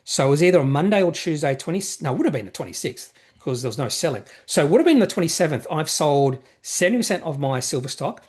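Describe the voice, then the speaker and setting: Male host, casual market commentary, slightly high-pitched, rambling and self-correcting. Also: expressive, fast, a little mellow, husky. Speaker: investing channel host. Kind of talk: casual market commentary, reading viewer questions.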